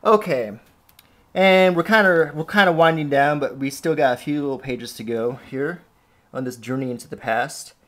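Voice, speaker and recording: A man's voice: on the high side, normal speed, a bit bright. Chatty man with a faint Southern accent. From Alabama, US South. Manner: conversational, amused, storytelling. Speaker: host showing family scrapbook. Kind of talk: casual vlog narration. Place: at home indoors, cats around.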